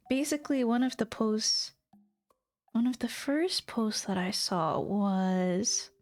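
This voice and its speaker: A young woman talks casually on a stream, rambling, swearing and breaking into giggles. Her voice sits a bit high and her delivery is slow and drawn-out. Faint music plays underneath. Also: a little mellow. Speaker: VTuber streamer.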